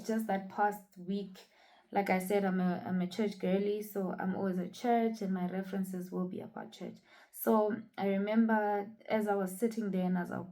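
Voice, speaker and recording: A woman's voice: medium pitch, a little mellow, poor audio. Earnest young woman telling her testimony. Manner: earnest, reflective, many fillers. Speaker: vlogger sharing a personal testimony. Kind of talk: casual personal storytelling.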